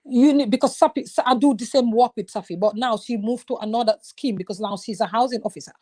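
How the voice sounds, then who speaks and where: A woman in her thirties talking in a casual, animated way, now and then slipping in short Wolof phrases. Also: a little high, fast. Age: 30s. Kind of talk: casual conversation.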